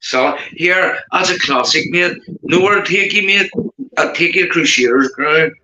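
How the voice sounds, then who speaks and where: A man's voice: normal speed, echoey room, a little hiss or hum, low-quality recording. A man from Northern Ireland with a Belfast accent, hosting a casual livestream chat and calling everyone mate. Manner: chatty, keeps saying mate, animated rises in pitch. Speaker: livestream host.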